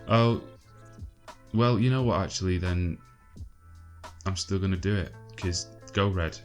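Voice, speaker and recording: A man giving casual gameplay commentary, chatty and exasperated, swearing often and filling pauses with ums. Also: low voice, fairly even intonation, faint music behind. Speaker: gaming channel host.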